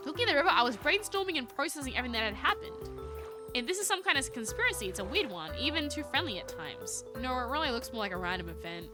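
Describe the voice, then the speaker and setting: A woman streaming a story game live, reading its text aloud and joking with her chat in an animated way. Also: high voice, fast, over music. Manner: animated, jokey, talks to chat.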